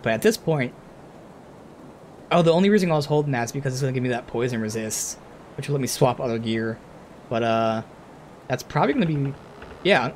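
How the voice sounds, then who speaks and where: A man streaming a game, commenting casually and thinking aloud with sudden bursts of excitement. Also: mid-range voice, slight background noise.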